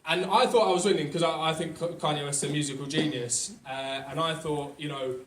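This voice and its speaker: A young English man doing a stand-up set, talking in a halting, filler-heavy way with dry asides. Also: fairly high pitch, steady tone. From England. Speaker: stand-up comedian. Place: small comedy club with live audience. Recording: echoey room, far mic, loud crowd noise. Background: audience laughter.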